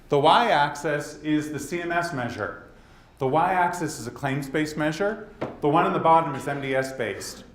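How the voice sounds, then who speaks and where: A man with a Boston accent giving a presentation at a leadership summit, talking straight to the audience and tossing in quick asides. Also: fairly high pitch. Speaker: conference speaker. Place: conference hall. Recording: roomy hall with faint background noise.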